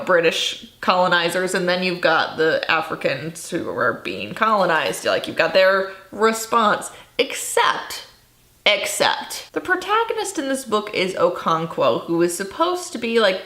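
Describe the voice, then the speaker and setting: A woman's voice: fairly low pitch, fairly bright tone. A young woman from Illinois chatting casually about books she dislikes, sarcastic and exasperated, with laughing asides. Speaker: book vlogger. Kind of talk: casual chat. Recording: echoey room.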